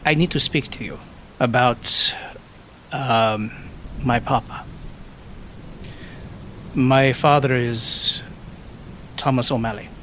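Man playing an fighter for a tabletop game, bold in the rally, hesitant up close, with soft rain behind. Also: medium pitch, slight background noise. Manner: bold rallying yells, then hesitant, earnest asides. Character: male Italian-tinged warrior rallying troops.

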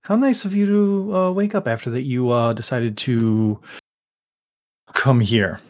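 A man's voice: mid-range voice, measured pace, lightly acted. A man voicing a smug, courtly male fey host in a tabletop game, languid and mock-gracious.

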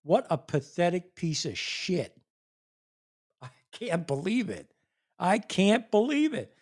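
A foul-mouthed man rants to his online viewers in open disbelief, cursing constantly and breaking into incredulous laughter. His voice sits high and leaps all over the place. He talks slowly and heavily. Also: big pitch swings, darkish tone. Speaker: streamer ranting to viewers. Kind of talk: profane political rant.

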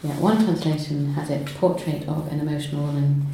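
A low, mellow-voiced woman speaks hesitantly, stopping and restarting as she explains her work, then reads poetry aloud. The room is strongly echoey, with faint noise behind her. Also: fairly even intonation, fairly quick. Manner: hesitant, lots of ums and restarts when talking. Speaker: poet guest. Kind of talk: conversational interview and poetry reading. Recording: roomy echo, faint noise.

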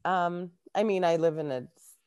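A Canadian woman talks casually as a guest, chatty and quick to laugh. Her voice sits low, and the recording is dry and close with no room sound. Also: a little mellow, clean tone, dry recording. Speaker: guest, life coach. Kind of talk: casual interview chat.

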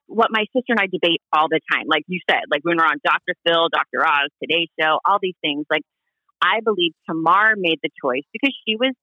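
A man from Hawaii with a bright, forceful voice, slightly higher than most, telling stories as a podcast guest. He talks in an animated way, laughs often, and acts out the people he quotes. The recording is dry and a little muffled. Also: dry recording. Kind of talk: casual interview storytelling.

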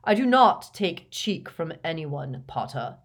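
In an audiobook reading, a woman uses a deep, husky voice to play a sneering male professor, fully in character and very animated. He speaks slowly, dismissively and cuttingly, radiating cold disdain.

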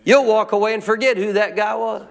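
A long hall reverb fills this church sanctuary recording of a pastor speaking fairly quickly in a high-pitched, steady voice with vocal fry. He preaches emphatically, prompting the congregation to answer back.

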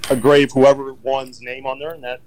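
A man of ordinary pitch talks through his answers patiently, explaining things step by step. He often pauses on ums and restarts his sentences as he goes. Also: level tone, darkish tone, rough recording. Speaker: county emergency management director. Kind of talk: casual interview answers.

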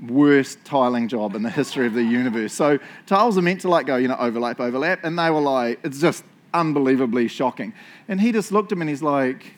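A man's voice: mid-range voice, a little fast. Joking New Zealand man preaching. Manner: casual storytelling with self-mocking humor. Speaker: pastor. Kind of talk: sermon.

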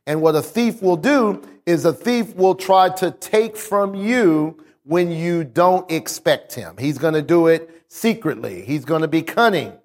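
Male preacher with a high voice, delivering a fervent call-and-response sermon in a big echoing church. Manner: emphatic, call-and-response with congregation. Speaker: pastor. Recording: long reverb of a large hall.

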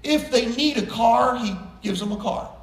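A man with a very high voice preaching a sermon, emphatic and folksy, leaning on jokes and homespun stories. He is a pastor speaking to his church. The sound is roomy and echoing, and he is heard from some way off the mic. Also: normal speed. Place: church sanctuary with congregation. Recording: roomy church echo, voice from far off.

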